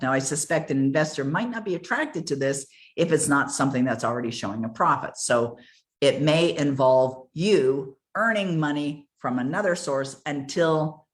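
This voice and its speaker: An older woman giving an earnest, emphatic motivational coaching talk, repeating key words for stress. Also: a bass voice. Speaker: success coach.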